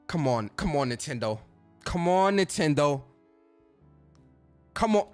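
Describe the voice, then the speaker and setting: A man's voice: on the high side, sing-song, unhurried, pauses often, faint music behind. A man hosting a gaming stream in a casual, profane rant, repeating phrases for emphasis.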